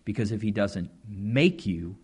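Slow husky preacher guy, folksy, voice swoops up and down a lot. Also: fairly low pitch, expressive. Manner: folksy, drawn-out, swings from loud emphasis to quiet asides. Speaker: pastor. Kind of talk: sermon.

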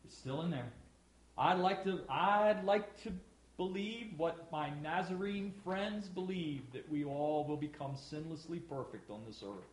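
A man preaching a sermon in a folksy way, stretching out words and swinging between loud stresses and quiet asides. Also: fairly high pitch, measured pace, slightly rough. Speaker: pastor.

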